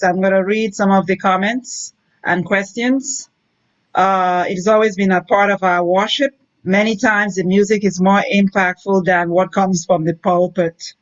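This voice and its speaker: A woman's voice: medium pitch, muffled recording. A woman curator hosting an interview, reading out audience questions and giving short affirmations. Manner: brief affirmations and laughs. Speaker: curator host.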